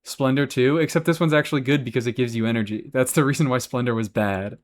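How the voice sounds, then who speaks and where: A man's voice: medium pitch, fast talker. A man live-streaming a game, chatting casually and answering chat, swearing freely as he talks. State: has hiccups.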